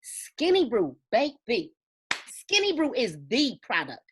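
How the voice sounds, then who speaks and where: A woman's voice: a little high, wildly swooping pitch, slow pace, slight background noise. A woman giving a motivational talk to a sales team, emphatic and preachy, telling stories with quoted dialogue. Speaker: network marketing team leader.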